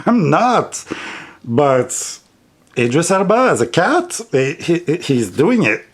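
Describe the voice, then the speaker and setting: A man with a heavy non-native accent chatting casually on his tarot vlog, rambling and giggling as he goes. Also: mid-range voice. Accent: heavy non-native English accent. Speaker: tarot vlogger.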